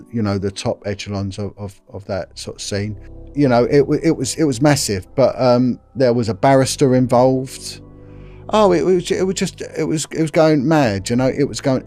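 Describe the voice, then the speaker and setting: In an interview, a middle-aged former police officer recounts events with earnest gravity. His voice is fairly low and somewhat dark in tone, and he halts often, repeating words as he starts over.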